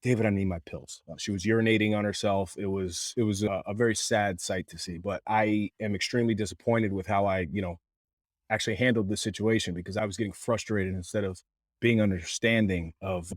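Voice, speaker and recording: Earnest low-voiced man telling a story. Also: no echo, clean studio sound. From Canada. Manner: emotional, earnest, frequent fillers and restarts. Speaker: podcast guest. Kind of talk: candid storytelling.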